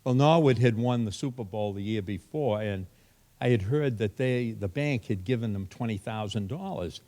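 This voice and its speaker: A man's voice: on the low side, normal speed, dark tone. An older man giving a folksy, anecdotal hall of fame acceptance speech, acting out the voices of people in his stories.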